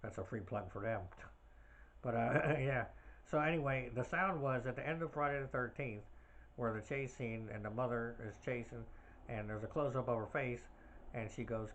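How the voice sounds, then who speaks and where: A man's voice: mid-range voice, normal speed, a little hiss or hum. A man hosting his own podcast in a casual, rambling way, full of fillers and side tangents. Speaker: podcast host. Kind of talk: casual solo podcast chat.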